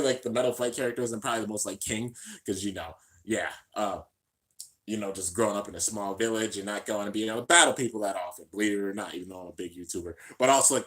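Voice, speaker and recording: A man with a bright, forceful voice runs a live reaction stream and chats casually in slang. He jumps from excited shouting down to quiet mumbling and says "dude" all the time. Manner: swings between hyped shouting and low mumbling.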